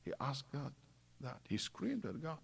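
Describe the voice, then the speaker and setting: A man's voice: mid-range voice, big pitch swings, measured pace, creaky, breathy edge. Man lecturing in a reverberant hall. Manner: tells stories acting out both sides, swings from loud to hushed. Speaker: imam giving a Quran commentary class. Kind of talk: religious lecture with storytelling.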